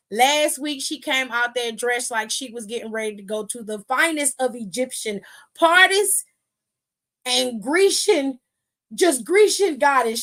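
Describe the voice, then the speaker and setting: A woman host giving a sassy, animated wrestling recap full of slang and swearing. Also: high voice. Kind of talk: casual recap commentary.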